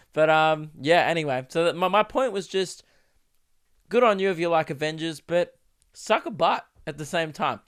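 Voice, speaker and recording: A fairly high-pitched, smooth voice belongs to a young Australian podcast host who is sick and coughing. He rambles through a casual solo rant, interrupting and restarting himself, swearing a lot, and acting out quoted voices.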